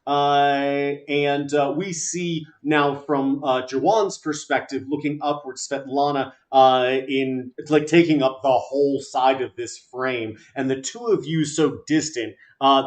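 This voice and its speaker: Halting man running a tabletop game. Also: mid-range voice, fairly even intonation. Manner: halting, many filler sounds. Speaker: game master.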